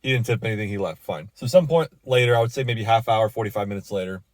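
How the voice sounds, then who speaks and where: A man's voice: on the low side, fast talker, dry recording. Man, bar manager, casual storytelling rant, swears, lots of ums, dry close sound. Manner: casual and profane, with many fillers and restarts.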